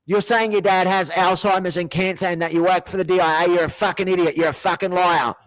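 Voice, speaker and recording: A man's voice: high-pitched, steady tone, fast, no room sound, pitched above the performer's own voice, natural voice. Man putting on a sneering, accusing mother. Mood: scornful. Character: scornful accusing mother, middle-aged woman.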